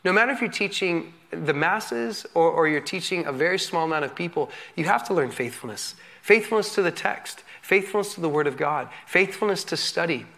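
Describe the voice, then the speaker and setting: A man preaching a sermon with a high, bright voice. He teaches candidly and with humor, poking fun at himself as he tells stories from the pulpit. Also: a little fast, gravelly, hardly any pauses. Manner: candid, self-deprecating, animated storytelling with laughs. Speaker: pastor.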